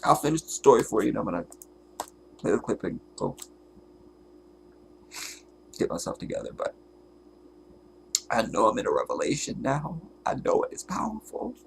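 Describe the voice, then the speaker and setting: A man hosting his own livestream, speaking in an emotional monologue. He sounds fervent and tearful as he holds back crying, often halting and dropping to a whisper. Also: on the low side, very animated, creaky, a little hiss or hum. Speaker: livestream host.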